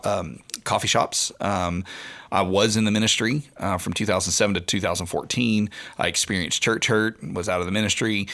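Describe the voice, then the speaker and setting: Deep-voiced man telling a rambling story. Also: a bit bright. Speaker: podcast co-host and worship leader. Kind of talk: casual chat.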